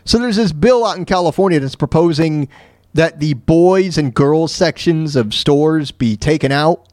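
A man's voice: fairly high pitch, unhurried, darkish tone, no echo, clean studio sound. A man hosting his own talk show, delivering an opinionated rant and often stumbling and restarting mid-sentence. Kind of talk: opinionated monologue.

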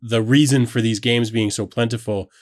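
A man's voice: medium pitch, fairly even intonation, moderate pace. A man co-hosting a casual gaming podcast. He jokes sarcastically and laughs often. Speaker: podcast co-host.

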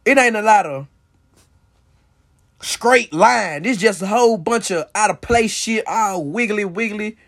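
High-voiced young man ranting bluntly. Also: measured pace, a bit bright. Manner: blunt, profane, repeats "you feel me" and "bro"; heated, insistent. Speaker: podcast host. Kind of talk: casual solo podcast rant.

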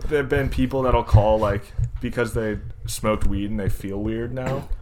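A man's voice: lowish voice, steady tone, moderate pace, a little mellow, a little hiss or hum. A man who works as an EMT and firefighter, telling work stories in a loose, casual podcast chat full of fillers. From Southern California. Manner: loose storytelling with many fillers and laughs.

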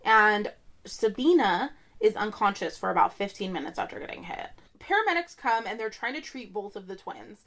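A woman's voice: mid-range voice, lively intonation, moderate pace, a bit bright. Joking, blunt woman on a podcast. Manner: blunt and joking, swears freely. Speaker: podcast co-host. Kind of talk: casual true-crime chat.

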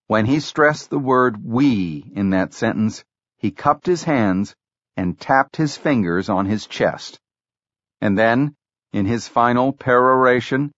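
A man narrating an audiobook in a measured, even storytelling delivery. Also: mid-range voice, no echo, highs cut off. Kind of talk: scripted narration.

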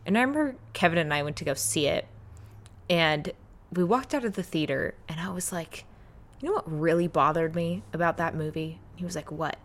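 A woman's voice: fairly low pitch, a little fast. A woman who bakes professionally, co-hosting a podcast and telling stories in casual chat, full of "like.". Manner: storytelling, filler-heavy "like". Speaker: professional baker, podcast co-host.

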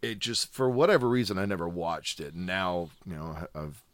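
A man's voice: sits low, animated, normal speed, no echo. A man chatting casually on a podcast, rambling, searching for words and laughing often. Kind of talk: casual chat.

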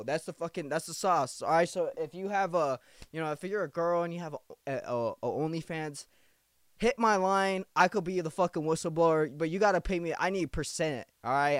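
A man in his twenties, his voice a bit high and the recording dry, hosts a casual confessional podcast. He rambles, repeats himself, swears, and calls the listener bro.

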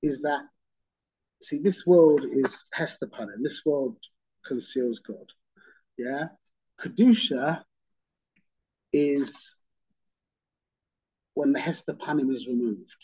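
Husky, mellow-voiced male teacher. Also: medium pitch, takes it slowly, pauses often, poor audio. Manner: conversational, checks in with "okay?" and "yeah?"; repeats phrases for emphasis. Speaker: Torah teacher. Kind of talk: teaching a religious class.

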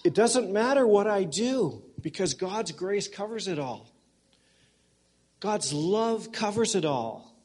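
Man, pastor, sermon, husky, conversational preaching, folksy humor. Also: sits high. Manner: addresses congregation members directly.

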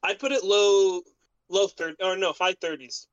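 High, lively man on a lo-fi mic. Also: moderate pace, clear, resonant tone, no room sound. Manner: easygoing, laughs often, eating while talking. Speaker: podcast co-host. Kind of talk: casual chat.

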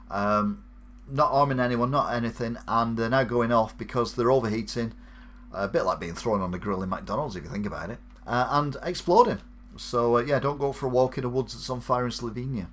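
A man with a British accent hosts a weekly live show, reading odd news stories and adding sarcastic, wry asides. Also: medium pitch. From United Kingdom. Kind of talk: offbeat news commentary.

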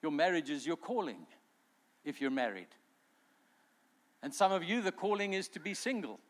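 High-voiced man preaching with fervor. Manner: animated preaching, voices quotes with swelling emphasis. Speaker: pastor. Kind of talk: sermon.

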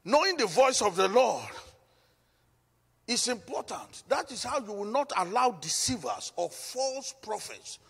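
A man's voice: high-pitched, very animated, measured pace, vocal fry, fairly bright tone, slightly rough, long reverb tail. A male pastor preaching a sermon, emphatic and given to repeating phrases.

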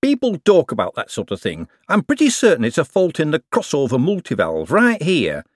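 Male reader playing an excitable, fussy lab boffin, voice raised, animated. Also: a little high, a little fast, no echo, clean studio sound, voice pushed up.

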